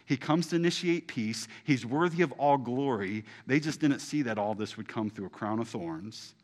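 A man preaching a sermon in a conversational way, full of rhetorical questions and restarts, moving between loud bursts and soft, hushed passages. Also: mid-range voice, lively intonation, moderate pace. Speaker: pastor.

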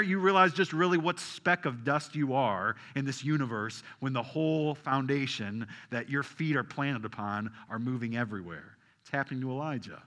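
A man preaching a sermon to a congregation, asking them questions and swinging from loud emphasis down to soft, hushed lines. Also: medium pitch, measured pace, long reverb tail. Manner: animated, rising loud for emphasis then dropping soft. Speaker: pastor.

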